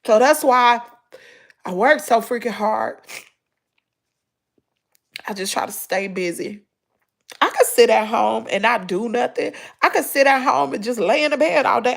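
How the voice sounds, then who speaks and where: A woman's voice: on the high side, a little slow, vocal fry, pauses often. A middle-aged woman with a Southern US accent, talking emotionally in a personal vlog, sighing and tearful. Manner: tearful, sighing, breaking into crying. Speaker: vlogger.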